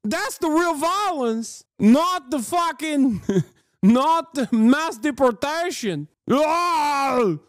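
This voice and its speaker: A man's voice: extremely high pitch, animated, extremely slow, no echo, studio quality, pitched above the performer's own voice, heavily acted. A man doing a sarcastic, sing-song mocking impression of a whiny tech billionaire while reacting to a clip.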